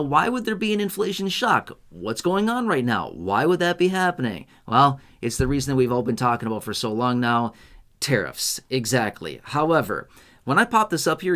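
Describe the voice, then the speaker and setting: Animated man commenting on finance. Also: medium pitch, normal speed. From United States. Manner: animated, conversational, asks rhetorical questions. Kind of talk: casual commentary to camera.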